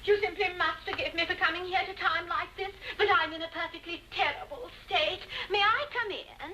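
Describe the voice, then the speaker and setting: A gushing, catty society busybody. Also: female voice, very high-pitched, brisk, pushed and bright, slight background noise, low-quality recording. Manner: effusive, honeyed, catty. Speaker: visiting friend. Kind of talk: 1950s television drama acting.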